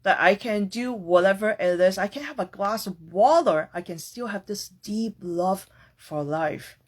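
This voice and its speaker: A woman's voice: medium pitch, measured pace. Earnest, searching woman podcast host. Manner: earnest, searching, casual with mild swearing. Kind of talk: reflective personal monologue.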